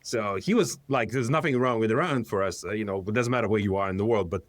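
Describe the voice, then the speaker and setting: A man who founded a company, a podcast guest telling a story in a relaxed way and sometimes searching for his words. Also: on the low side, quick pace, dry recording. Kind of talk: casual interview conversation.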